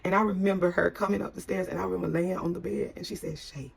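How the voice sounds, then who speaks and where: A woman's voice: fairly low pitch, fairly even intonation, fast talker. A middle-aged woman telling a personal story to viewers in an emotional, repetitive way, calling them y'all. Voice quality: gravelly, husky voice.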